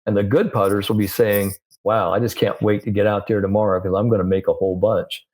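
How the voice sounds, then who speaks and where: An older man, a sports psychologist, telling stories in a relaxed interview, full of "you know" fillers. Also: on the low side, fairly quick. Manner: animated storyteller, many "you know" fillers, laughs often. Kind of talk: conversational interview storytelling.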